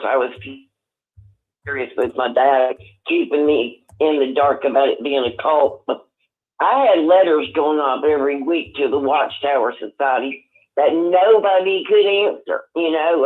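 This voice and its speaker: An older man calling in on the phone, talking in a rambling, halting way with many restarts. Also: a little high. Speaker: caller. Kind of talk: casual phone chat. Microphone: telephone. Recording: tinny phone line.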